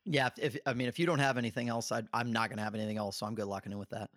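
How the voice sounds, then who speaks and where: A man's voice: medium pitch, fairly even intonation, rapid-fire, a bit bright, no room sound, studio quality. A man playing along on a trivia podcast, thinking aloud in a chatty, self-deprecating way. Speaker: trivia contestant.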